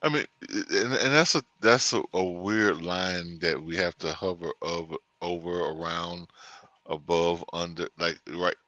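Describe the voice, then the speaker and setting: A male co-host in casual chat, halting and often losing his train of thought. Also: sits low, bright, forceful tone, no room sound, muffled recording.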